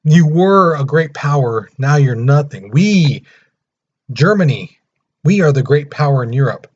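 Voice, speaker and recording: A man's voice: fairly high pitch, lively intonation, unhurried, breathy edge, lo-fi sound. A man doing a cocky, taunting Germany. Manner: taunting, boastful. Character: Germany as a cocky, boastful bully, male.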